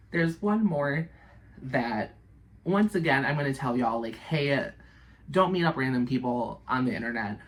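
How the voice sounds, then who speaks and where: A woman vlogger telling a story to her viewers, animated and breathless, swearing constantly. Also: extremely low pitch. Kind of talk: casual storytelling to camera.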